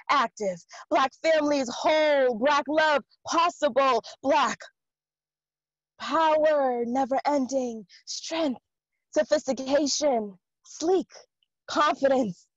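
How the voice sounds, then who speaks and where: A woman's voice: high-pitched, no echo, lo-fi sound. A woman performing a spoken word poem over a video call, with a rhythmic, emphatic delivery that lands on short, punchy lines.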